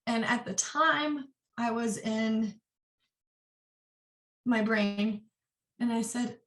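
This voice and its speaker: A woman in her twenties, an interview guest, sharing a personal story candidly and earnestly, in quick bursts. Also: a little high. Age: 20s. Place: office. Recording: roomy echo, distant mic.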